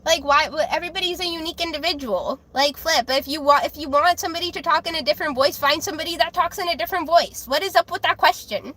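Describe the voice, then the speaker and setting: High bright-voiced woman tarot streamer. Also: brisk. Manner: chatty, many fillers and restarts; blunt and defensive. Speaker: tarot reader hosting a live stream. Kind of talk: casual live-stream chat.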